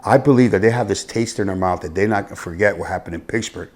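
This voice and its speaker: A man from Miami with a husky voice and a Miami accent, telling stories bluntly in a casual interview, swinging between loud and hushed. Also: lowish voice, quick pace. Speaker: interview guest, youth football coach. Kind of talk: casual storytelling conversation.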